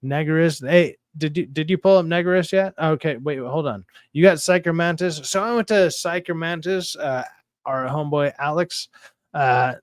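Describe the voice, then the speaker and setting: A man's voice: fairly high pitch, moderate pace, no room sound, studio quality. A man hosting a stream chat, telling stories casually with lots of swearing and animation. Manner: profane, animated storytelling. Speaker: stream host.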